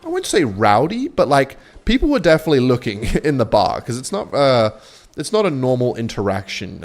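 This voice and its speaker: A young man telling a long story while he plays a game on stream, relaxed and rambling. He swears freely and talks at an ordinary pitch with plenty of fillers. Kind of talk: casual storytelling while gaming.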